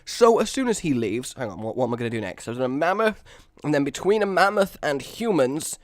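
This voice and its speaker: A man's voice: fairly high pitch, sing-song, a little fast, no room sound. A man hosting a gaming video, telling a rambling, self-mocking story while he builds in a game.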